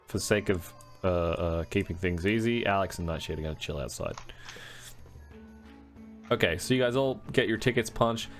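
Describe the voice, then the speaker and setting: A man's voice: low-pitched, moderate pace, long pauses, faint music behind. Man narrating as game master. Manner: relaxed, filler-heavy narration.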